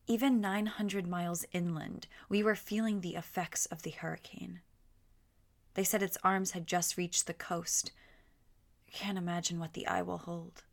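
A woman with a somewhat low voice narrating a first-person audiobook story. Her storytelling is steady and measured, turning quiet in the tense moments. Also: gravelly.

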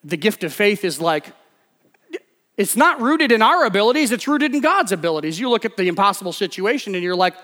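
High-voiced man preaching in a reverberant hall. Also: sing-song, sharp tone. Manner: conversational preaching with quick acted-out quotes. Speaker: pastor. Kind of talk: sermon.

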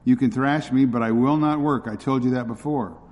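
A man's voice: mid-range voice, a little fast, a little mellow, in a large hall, close to an everyday voice. A preacher voicing a defiant male slave who turns into a grateful servant, speaking in a pleading, insistent way.

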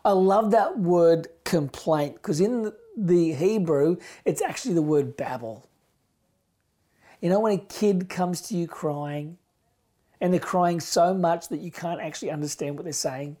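Preaching at a measured pace, the middle-aged pastor speaks in a voice on the high side. His sermon is fervent, shifting from loud stresses to soft near-whispers.

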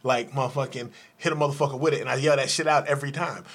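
Bright-voiced man telling stories. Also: medium pitch, steady tone, very fast. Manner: profane, laughing, acts out voices in anecdotes. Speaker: co-host. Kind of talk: casual storytelling chat.

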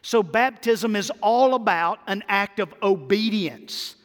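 High-voiced man preaching in a reverberant hall. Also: slow pace, hardly any pauses. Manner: emphatic preacher, repeats key phrases. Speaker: pastor. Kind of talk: sermon.

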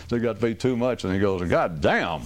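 A man's voice: medium pitch, gravelly, dark tone. A man giving a rambling, wry talk to a small group, restarting sentences and acting out quoted voices.

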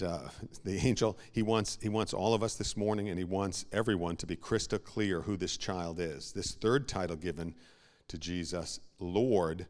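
A man preaching a sermon as a pastor, swinging from hushed asides to loud, emphatic peaks and repeating words as he builds a point. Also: low voice.

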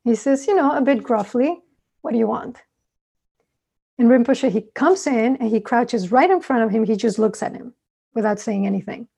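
A woman meditation teacher giving a dharma talk, telling stories in a relaxed, conversational way with thoughtful asides. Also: fairly high pitch, normal speed, vocal fry, husky.

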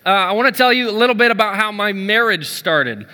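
A man on a church staff preaching a sermon, telling a story with lively energy and acting out the dialogue. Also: high voice, brisk, big-room sound. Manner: energetic, acts out dialogue in his stories.

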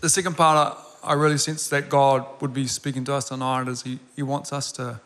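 A man's voice: mid-range voice, little pitch movement, brisk, a bit bright. Earnest preacher man in a big echoing hall. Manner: earnest, builds to emphatic repeated lines. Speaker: pastor. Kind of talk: sermon with personal story. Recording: long reverb of a large hall.

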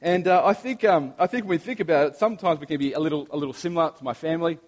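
A man's voice: on the high side, rapid-fire. A man in his thirties, a pastor, preaching a sermon in a chatty, storytelling way with frequent restarts. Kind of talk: sermon with prayer. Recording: long reverb of a large hall.

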